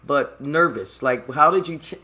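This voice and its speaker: Easygoing female host with a swinging, animated pitch; scattered, eager questions. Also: normal speed. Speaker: talk show host. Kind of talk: casual interview chat.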